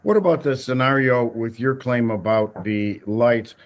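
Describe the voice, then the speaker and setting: A male judge questioning a litigant in a courtroom. He is calm and probing, and his questions are broken by uhs and ums. His voice sits at an ordinary middle pitch. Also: a little slow.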